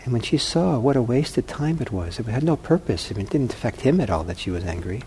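A male meditation teacher answers questions from the audience, calm and gently humorous. He thinks aloud as he goes and restarts his sentences. His voice is mellow, with a faint hiss of noise behind it. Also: mid-range voice, fairly quick.

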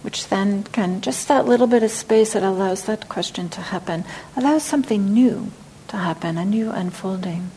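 Woman, meditation teacher, dharma talk, gravelly voice, gentle and reflective, faint background hum. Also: medium pitch, normal speed, rough recording.

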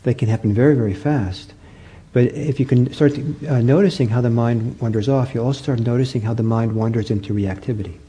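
A man giving a meditation talk, telling stories gently with many pauses, fillers and restarts. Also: medium pitch, breathy edge. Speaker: meditation teacher. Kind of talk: dharma talk.

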